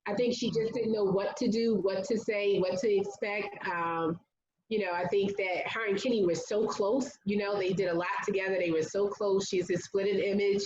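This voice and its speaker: A woman's voice: medium pitch, fairly even intonation, normal speed, a little mellow, roomy sound, dull audio, slight background noise. A woman speaking as an interview guest, telling a personal story in a candid, conversational way with lots of "like" fillers. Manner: earnest, conversational, many "like" fillers.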